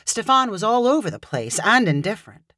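A woman narrating a short story in a measured, expressive way. Her voice moves through a lively range of pitch around an average middle level. The recording is close and dry. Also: no room sound.

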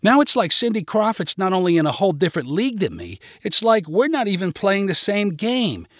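A man putting on a loud pushy wife. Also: high voice, very animated, fairly quick, no room sound, studio quality, voice pushed up, heavily acted. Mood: indignant. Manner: loud, insistent, indignant. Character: pushy jealous wife, middle-aged.

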